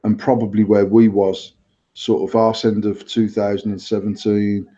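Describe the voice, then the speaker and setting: In a fairly low, level voice that's mellow and husky, this man co-hosts a laid-back podcast at a moderate pace. He wanders, curses, and says things more than once, all on a dull lo-fi recording.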